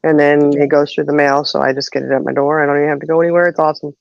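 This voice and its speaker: A woman hosting a casual livestream chat show speaks very fast in a low voice with vocal fry and little pitch movement. She's a chatty storyteller who laughs frequently. The sound is dull, lo-fi and dry, with no echo.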